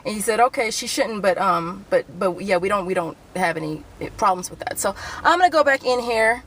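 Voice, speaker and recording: A woman's voice: medium pitch, expressive, a little fast, hardly any pauses, a bit bright, rough recording. A woman vlogging a couponing storytime from her car, heated and profane, acting out both sides of the argument. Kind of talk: angry storytime rant to camera. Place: in a parked car.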